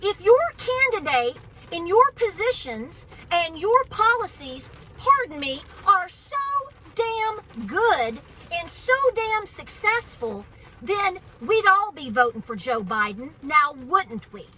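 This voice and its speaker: A woman's voice: very high-pitched, big pitch swings, slow pace, sharp tone, slight background noise, rough recording. A woman homesteading vlogger speaking outdoors on her farm in an impassioned, preachy, emphatic way. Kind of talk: outdoor political vlog rant.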